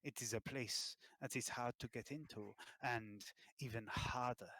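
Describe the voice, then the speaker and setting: Guy putting on a posh proud gentleman, slow and hushed, bright tone, dry sound. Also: mid-range voice, steady tone, no echo, rough recording. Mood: curious. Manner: slow, formal, hushed and measured. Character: refined self-made gentleman, proud, probing.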